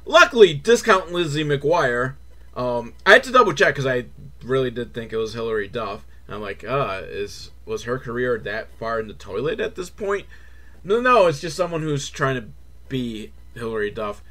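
A man recapping a movie as comedy, sarcastic and swearing, switching from flat muttering to shrill mock excitement. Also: normal speed. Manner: sarcastic, swears, mocking kid-show cheer. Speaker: movie reviewer.

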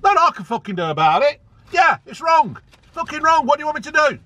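Angry high-voiced football ranter. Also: male voice, sing-song, quick pace, pushed and bright, a little hiss or hum. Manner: heated, sweary, repeats himself for emphasis. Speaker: football fan vlogger. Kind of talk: angry ranting vlog.

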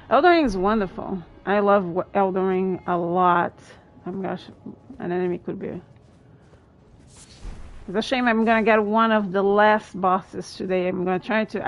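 A woman's voice: medium pitch, dull audio. A woman streamer chatting with her viewers as she plays a video game, exclaiming often and laughing between remarks. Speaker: gaming streamer. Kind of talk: live gameplay commentary with chat.

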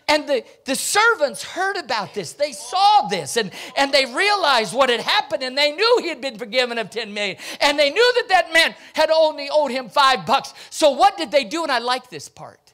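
A man preaching a Pentecostal sermon, theatrical and breaking into shouts. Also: extremely high pitch, sing-song, moderate pace, few pauses.

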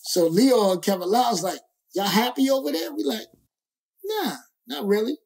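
A male rapper as a guest, telling a story in a lively, slangy, profane way and acting out other people's lines. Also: high voice, normal speed, vocal fry. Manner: slangy, profane, acts out quoted voices. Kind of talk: animated storytelling.

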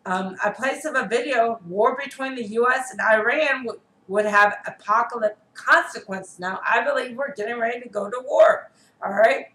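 A woman's voice: fairly high pitch, moderate pace, bright, forceful tone. Earnest woman preaching in an echoey room. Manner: earnest, exhorting, repeats "okay?" to listeners. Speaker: prophetess preacher. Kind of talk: online video sermon. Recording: echoey room with faint background noise.

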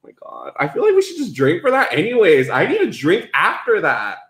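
A man co-hosting a live cooking stream from a home kitchen, chatting in a lively, exclamation-filled way. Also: high-pitched. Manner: chatty and animated, quick exclamations. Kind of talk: casual live-stream chat while cooking.

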